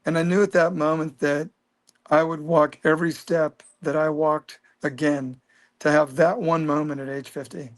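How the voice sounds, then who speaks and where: A man in his fifties telling a personal story as an interview guest, earnest and animated. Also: a little high, normal speed. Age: 50s.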